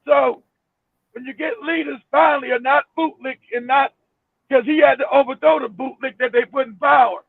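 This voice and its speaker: Gravelly-voiced man ranting over a tinny line. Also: very high-pitched, normal speed. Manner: loud, animated, profane ranting. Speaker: co-host. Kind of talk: casual chat.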